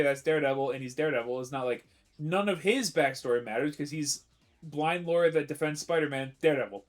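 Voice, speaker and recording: A man with a slightly higher-than-usual voice talks casually on a live stream. He rambles, restarts his sentences and argues his opinions firmly, with faint music playing behind him. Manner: rambling, self-correcting, opinionated.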